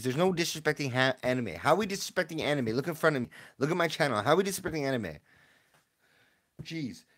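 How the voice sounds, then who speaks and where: A man's voice: a little high, fairly bright tone. A young man live-streaming, reading his chat and opening card packs, confused and laughing, often repeating himself.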